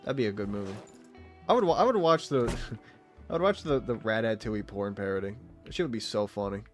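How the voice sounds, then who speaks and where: A man's voice: lowish voice, lively intonation, brisk, faint music behind. A young man streaming a game, chatting in a rambling, crude, giggly way. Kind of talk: casual chat while streaming a game.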